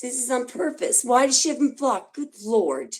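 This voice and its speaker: Animated woman reading tarot live. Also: a little high, moderate pace. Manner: animated, emphatic, swears. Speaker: tarot reader.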